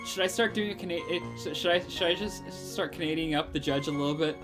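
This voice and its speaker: A woman streamer chatting casually and joking while playing a game, with loud outbursts. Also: on the low side, fast talker. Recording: game music playing behind.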